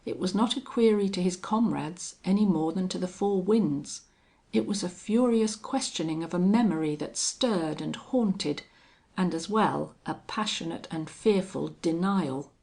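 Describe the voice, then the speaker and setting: Slow, gravelly woman reading an audiobook. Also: lowish voice, a little mellow. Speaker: audiobook narrator. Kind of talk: audiobook narration.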